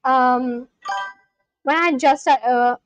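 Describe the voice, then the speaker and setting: A woman's voice: high-pitched, fairly even intonation, takes it slowly, faint music behind. A woman from India, streaming casually, answering chat and repeating practice phrases as she thinks aloud. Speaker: livestreamer learning a language.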